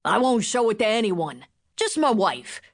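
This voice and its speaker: A woman narrator voicing a loud, pushy taxi driver who talks cheerfully over everyone. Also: medium pitch, sing-song, unhurried. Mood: excited. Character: brash, chatty male taxi driver.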